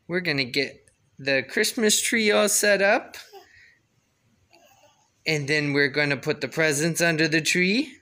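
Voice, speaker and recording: A father gently coaxing his baby in a home video, sometimes turning playfully dramatic. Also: fairly high pitch, measured pace, long pauses.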